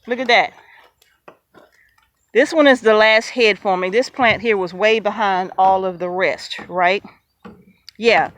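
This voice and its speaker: A woman giving a chatty, excited tour of her outdoor vegetable garden, talking straight to her viewers and laughing easily. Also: medium pitch. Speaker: homesteader showing her garden. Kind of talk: casual garden tour vlog.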